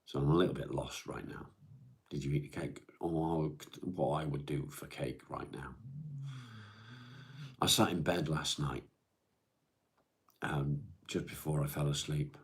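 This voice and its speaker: A middle-aged man hosting a live stream, chatting in a weary, halting way with many restarts. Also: a bass voice, fairly even intonation, breathy edge. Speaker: live-stream host reading viewer comments. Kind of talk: casual chat.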